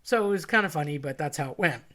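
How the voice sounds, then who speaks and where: Woman, casual storyteller, chatty and animated. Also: low voice, fast talker. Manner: chatty, animated, acts out quoted voices.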